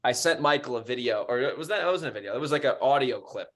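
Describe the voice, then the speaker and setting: Lively, profane male podcast storyteller. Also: mid-range voice, quick pace. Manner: animated storyteller, swears freely. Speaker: podcast co-host. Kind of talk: casual podcast chat.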